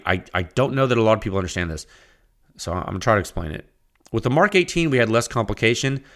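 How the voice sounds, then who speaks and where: A man hosting a solo podcast, talking in a rambling, conversational way with repeated words and quick asides. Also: mid-range voice, fairly bright tone. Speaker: podcast host.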